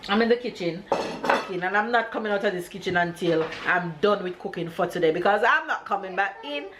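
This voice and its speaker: A woman, chatting excitedly to camera in a casual family vlog from her home kitchen. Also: mid-range voice, noisy background. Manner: chatty, excited, speeds up and slows down. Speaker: family vlogger, mother.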